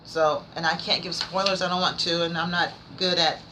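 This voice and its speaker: A woman reviewing books in a casual vlog, nervous and rambling, stumbling over her words but excited and passionate. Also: lowish voice, normal speed, background noise. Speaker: book vlogger. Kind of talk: casual book review chat.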